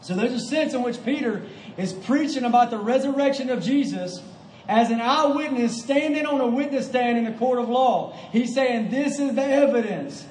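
Guy preaching a sermon, really high voice, echoey church, mic kinda far off. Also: a little mellow, a little hiss or hum. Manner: emphatic preaching with rhetorical questions. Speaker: pastor. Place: church sanctuary.

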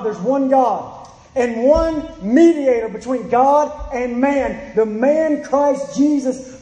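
A man's voice: extremely high pitch, reverberant, in a large hall, low-quality recording. A male pastor, preaching a sermon with fervent, rising intensity. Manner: impassioned preaching, drops to a hushed prayer.

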